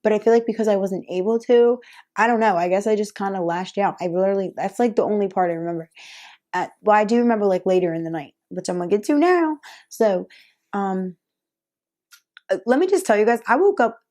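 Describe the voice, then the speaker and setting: Young woman vlogger, casual storyteller, soft dark tone, filler-heavy chatty delivery. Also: medium pitch, a little fast. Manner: chatty, lots of "like" fillers, frequent laughs.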